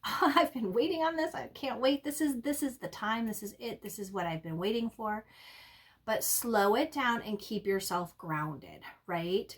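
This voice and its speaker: Slow, halting woman reading tarot. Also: medium pitch. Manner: slow, halting, with many ums and restarts. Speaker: tarot reader.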